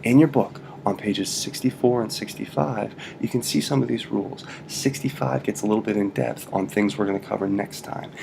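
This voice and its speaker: Male language teacher, lowish gravelly voice, playful and jokey, faint background noise. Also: normal speed, hardly any pauses. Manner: playful, repeats "right?" constantly, jokey asides. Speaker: Spanish teacher. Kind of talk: casual video lesson.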